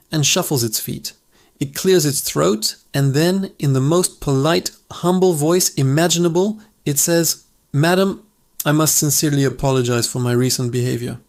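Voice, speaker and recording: A man tells a joke as scripted narration, with a voice sitting a little high for a man. He keeps a lively, even storytelling pace as the channel's host. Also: vocal fry.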